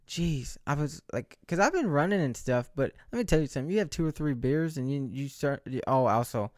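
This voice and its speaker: Indoors under bright lights, a vlogger in his late twenties speaks briskly and expressively in a fairly high, darkish voice, with clean studio sound and no room echo. His casual monologue rambles along, full of jokes about himself and frequent restarts.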